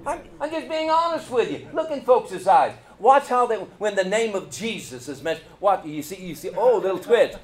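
A middle-aged man with a Kentucky accent, a pastor telling a story in a folksy, animated sermon and calling out to the congregation. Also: sits high, normal speed, hardly any pauses.

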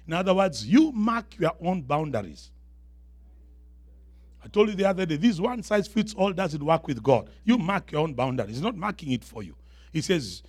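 A man's voice: a little high, sing-song, darkish tone. African-accented man preaching a sermon. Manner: builds to raised, emphatic declarations with call-and-response; quick asides with humor to the congregation. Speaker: guest preacher.

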